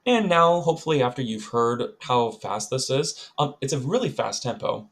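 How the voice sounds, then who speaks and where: Young male music teacher, mid-pitched, chatty voice-over for a kids' class lesson. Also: expressive, moderate pace, fairly bright tone. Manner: chatty, addresses students directly, many ums. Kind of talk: recorded music lesson for children.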